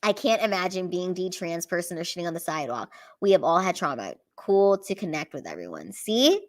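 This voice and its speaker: A woman's voice: on the low side, big pitch swings, fairly quick. Profane woman hosting a late-night stream. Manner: blunt, profane, earnest pep talk. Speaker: live stream host reading chat. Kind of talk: casual live stream chat.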